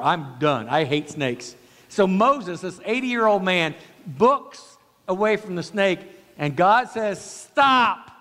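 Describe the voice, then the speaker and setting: A man preaching a sermon as pastor, retelling a story and acting out its dialogue with big swings in pitch. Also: a bit bright. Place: church sanctuary. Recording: long church hall reverb.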